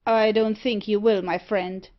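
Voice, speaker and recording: A woman voicing a proud, boastful male barber who talks loudly and with scorn. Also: medium pitch, fairly even intonation, unhurried, lightly acted. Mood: scornful. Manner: loud and scornful. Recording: slightly dull audio.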